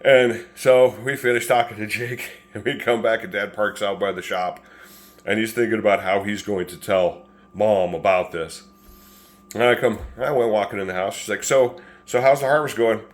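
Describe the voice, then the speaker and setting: A man in his fifties with a lowish voice spins a casual story to camera. He rambles in a folksy way, restarting sentences and chuckling as he goes. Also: fairly even intonation, normal speed. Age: 50s.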